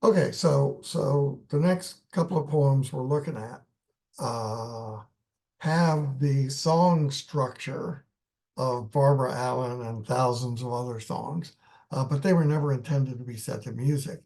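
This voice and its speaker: Guy lecturing on poems over a computer mic, mellow voice, lots of ums. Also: mid-range voice, gravelly. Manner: unhurried, explanatory, thinking aloud with fillers. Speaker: poetry lecturer. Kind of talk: live online lecture.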